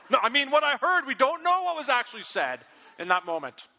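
A man's voice: very high-pitched, sing-song, brisk, sharp tone. A man preaching a sermon, telling a story animatedly and acting out his own angry outbursts. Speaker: pastor. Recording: long reverb of a big hall.

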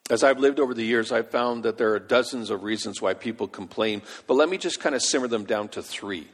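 A man preaching a sermon, animated, acting out the voices in his stories. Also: medium pitch, fairly quick, slightly rough. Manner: animated, acts out quoted voices. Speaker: pastor. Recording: long hall reverb.

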